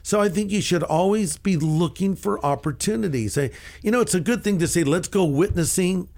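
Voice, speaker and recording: Higher-voiced man telling lively stories. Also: brisk, creaky. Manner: lively anecdotal storyteller, acts out quoted dialogue. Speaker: pastor and author. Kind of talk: storytelling in a radio interview.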